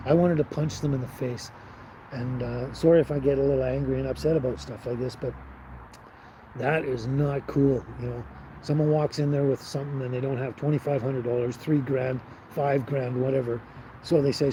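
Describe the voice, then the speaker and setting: A man's voice: mid-range voice, fairly even intonation, normal speed, dark tone, a little hiss or hum, poor audio. A man hosting a casual live stream, rambling and chatting with viewers by name. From Canada. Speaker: livestream host.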